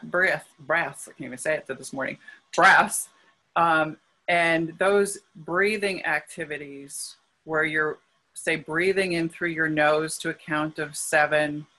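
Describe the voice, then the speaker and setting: A woman guest speaks with a bright, crisp voice. She explains her spiritual practice earnestly and gently. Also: sits low, poor audio. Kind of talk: conversational interview.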